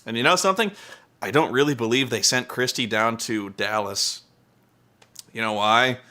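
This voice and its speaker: A man's voice: mid-range voice, moderate pace, pushed and bright. A man giving a profane, exasperated comedic rant while recapping a wrestling show, mimicking wrestlers.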